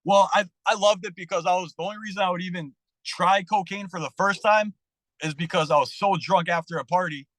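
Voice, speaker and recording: A man with a fairly high voice tells his story as a podcast guest. He talks candidly and freely swears. The sound is close and dry. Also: fairly quick, no room sound, rough recording. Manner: candid, profane and animated, acting out dialogue. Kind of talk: casual storytelling interview.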